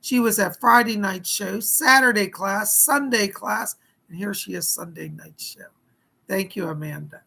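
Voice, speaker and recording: A hoarse man, who says he is losing his voice, giving live-streamed psychic readings in a chatty, folksy way and thanking viewers by name. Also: high-pitched, unhurried, pushed and bright, rough recording. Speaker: psychic medium.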